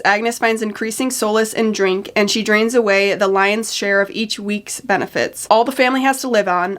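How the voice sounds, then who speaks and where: A young woman chatting casually about books at home, rambling, swearing, and reading out blurbs. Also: medium pitch. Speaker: book vlogger.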